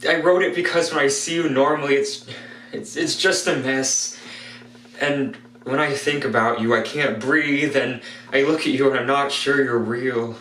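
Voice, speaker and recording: A man playing a halting lovestruck young guy. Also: medium pitch, steady tone, sharp tone, recorded from a distance, a little hiss or hum, close to an everyday voice. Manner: halting, breathless rambling. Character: shy lovestruck young man confessing feelings. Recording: roomy, from the mic.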